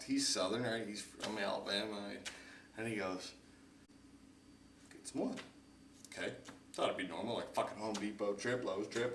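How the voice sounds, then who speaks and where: A man's voice: lowish voice, recorded from a distance, background noise. A young man hosting a podcast, telling a long profane story and acting out other people's voices as he goes. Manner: animated, profane storyteller who acts out other people's lines. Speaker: podcast host. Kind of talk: casual storytelling chat. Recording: echoey room, slightly off-mic.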